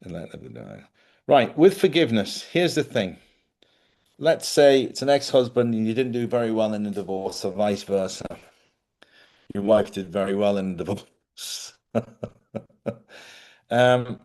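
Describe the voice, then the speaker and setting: A man hosting a spiritual live stream, chatty and animated, often laughing as he talks. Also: medium pitch, measured pace, pauses often. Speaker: spiritual host.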